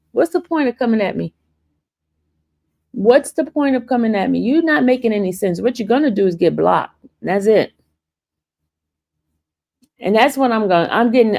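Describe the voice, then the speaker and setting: A woman's voice: fairly high pitch, animated, normal speed, vocal fry, long pauses, darkish tone. A woman talking defensively to her livestream viewers, laughing often and addressing them as y'all. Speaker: livestream host. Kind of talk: casual livestream chat.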